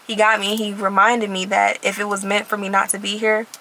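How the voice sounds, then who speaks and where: A woman's voice: mid-range voice, monotone, a little fast, pushed and bright, a little hiss or hum, low-quality recording. A young woman earnestly telling her personal faith testimony to her viewers, stressing points by repeating them. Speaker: vlogger sharing her testimony. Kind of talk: personal faith testimony, casual talk to camera.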